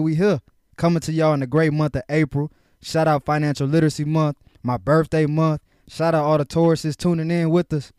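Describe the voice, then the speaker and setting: A man's voice: a little high, darkish tone, smooth, no echo, clean studio sound. A young man from Houston hosting a casual podcast, talking in hype, slangy, upbeat bursts. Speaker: podcast host.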